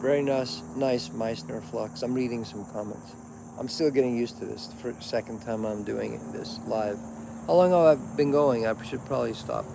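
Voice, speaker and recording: A man's voice: mid-range voice, moderate pace, creaky, background noise. A man hosting a casual livestream, ranting bluntly and preachily, swearing often. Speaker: livestream host. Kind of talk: casual unscripted rant.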